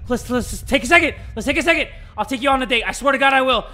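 A man hosting a horror game playthrough, excitable, going from hushed muttering to loud screams, his voice strained from screaming. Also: very high-pitched, fast. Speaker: gaming video host. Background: creepy game music.

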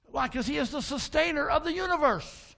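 High, gravelly-voiced preacher man. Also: brisk, bright, forceful tone. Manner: fervent preaching with call-and-response to the congregation; folksy storytelling asides. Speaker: pastor. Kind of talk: sermon. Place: church sanctuary.

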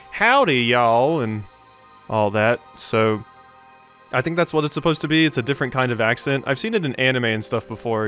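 Chatty let's-play guy, mid-pitched. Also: a bit bright. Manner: chatty, rambling asides with laughs. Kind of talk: casual gameplay commentary.

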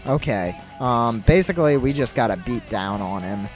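A young man giving excitable, casual commentary over his video game, hiccuping now and then. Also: medium pitch, normal speed, hardly any pauses, faint music behind. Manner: excitable, exclaiming, self-mocking. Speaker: let's play commentator.

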